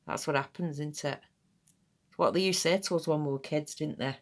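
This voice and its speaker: A middle-aged woman, her voice sitting a little low. She chats in a rambling, blunt way, swearing now and then as she demonstrates a skin treatment. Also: normal speed. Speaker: aesthetics practitioner. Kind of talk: casual chat while demonstrating.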